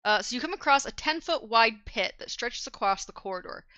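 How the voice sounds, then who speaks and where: Acting as dungeon master for a tabletop game, a woman narrates scenes in a fairly high, sharp voice that is animated and brisk, yet her descriptions are hesitant and full of fillers, and she hums while checking her notes. The recording has no room sound.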